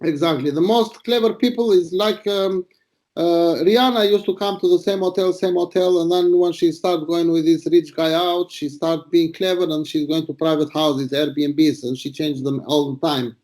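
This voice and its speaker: Blunt, crude, high-voiced man from Albania. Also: steady tone, normal speed, a little mellow. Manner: blunt, crude, boastful, rambling. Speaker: retired paparazzo. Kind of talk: casual interview storytelling.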